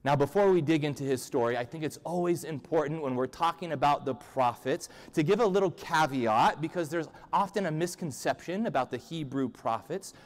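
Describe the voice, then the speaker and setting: A man's voice: fairly high pitch, fairly quick, few pauses. A male pastor giving a humorous, conversational sermon in a church. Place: church sanctuary. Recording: long church-hall reverb.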